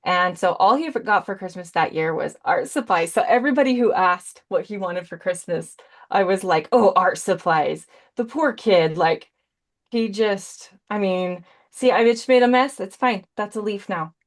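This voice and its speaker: A woman's voice: medium pitch, moderate pace. A woman in her forties chatting through a live painting demo on a video call. She talks chattily and rambles, tossing in punny asides. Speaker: brand ambassador demonstrating paints.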